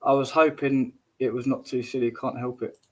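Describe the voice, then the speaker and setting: A man chats casually through a livestream, reading viewer comments and laughing them off. His voice sits at a middling pitch and he keeps it matey and informal. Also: flat delivery, moderate pace, darkish tone. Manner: chatty and jokey, says mate, laughs at chat comments. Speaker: YouTube livestream host. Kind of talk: casual live-stream chat.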